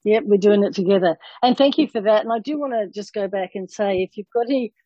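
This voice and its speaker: Husky, encouraging female podcast host. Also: medium pitch, fast talker, no room sound, dull audio. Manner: warmly encouraging, upbeat. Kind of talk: casual podcast chat.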